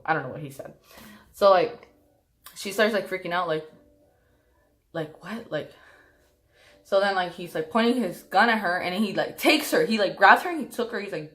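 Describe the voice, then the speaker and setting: Low-voiced young woman rambling through a story. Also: lively intonation, moderate pace, long pauses, a bit bright. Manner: rambling with many fillers and restarts. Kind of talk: casual storytime vlog.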